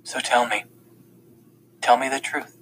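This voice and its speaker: A man reading a blind teenage girl's lines in a hard, flat, hissing voice, often dropping to a whisper. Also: medium pitch, moderate pace, lightly acted, low-quality recording. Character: blind teenage girl, bitter, scared, tough.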